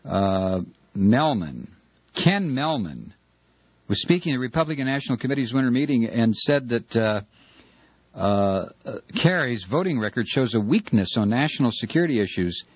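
A man's voice: mid-range voice, very animated, normal speed, slightly rough, no echo, highs cut off. An American man hosting a political call-in radio show, talking in a heated, sarcastic way with lots of fillers. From United States. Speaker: radio talk show host. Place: Georgia, United States.

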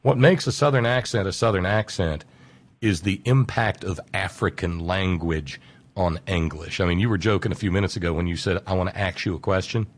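A man in a casual radio conversation, explaining in long stretches and drawing out words he wants to stress. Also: sits low. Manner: explanatory, drawn-out emphasis on key words.

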